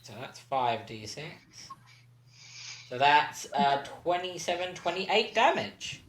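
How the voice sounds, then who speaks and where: A man running a tabletop game as game master, talking in a relaxed, rambling way, often restarting his sentences. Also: fairly high pitch, slow. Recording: roomy echo.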